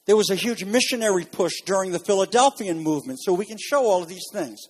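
A man teaching a Bible lesson as a sermon, talking fast and rising with emphasis. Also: high-pitched, lively intonation.

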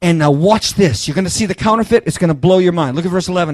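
A man preaching a sermon, emphatic and halting, who restarts phrases and addresses his listeners directly, rising to loud bursts on key words. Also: sits high, no echo.

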